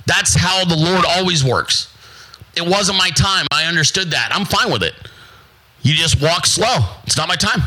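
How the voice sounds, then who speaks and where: With a fairly high, bright, forceful voice, an American show host gives an animated, moderately paced motivational monologue. He's brash, profane, emphatic and repetitive, mocking people in fake voices, and the recording quality is low.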